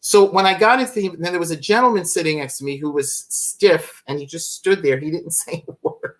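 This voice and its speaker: A man's voice: fairly high pitch, a little fast. Rambling, laughing male storyteller. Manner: rambling, self-interrupting, laughing through his story. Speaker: guest, fan club founder. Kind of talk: animated storytelling on a live stream.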